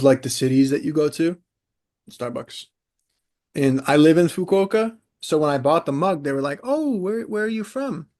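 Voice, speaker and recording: A man in his twenties from New York, telling stories in casual podcast chat, animated and rambling, with many fillers and restarts. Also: fairly high pitch. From New York, USA. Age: 20s. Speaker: podcast co-host.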